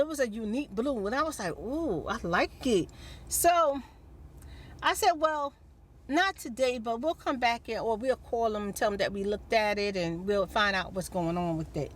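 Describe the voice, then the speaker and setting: A woman's voice: fairly high pitch, lively intonation, normal speed. A middle-aged woman vlogger telling stories to her viewers in a chatty, casual way and calling them y'all. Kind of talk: casual chat to the camera.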